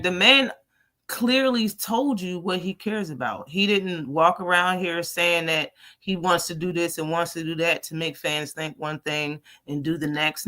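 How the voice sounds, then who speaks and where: Animated woman hosting a boxing stream. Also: lowish voice. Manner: blunt, animated, laughs often, reads out chat. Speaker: boxing talk show host. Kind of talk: live-stream casual commentary.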